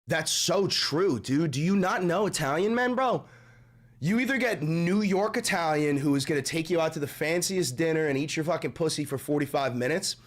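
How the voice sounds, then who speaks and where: A young man live-streaming in casual, profane chat, his voice deepened after a sickness, rambling and swinging from mumbles to shouting. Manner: animated, rambling, swears a lot, swings from mumbling to yelling.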